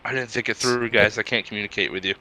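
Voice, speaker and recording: A man's voice: lowish voice, steady tone, fast, pushed and bright. A man playing in a tabletop game, chatting casually with a laughing, self-deprecating manner. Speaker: player. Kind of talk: casual chat.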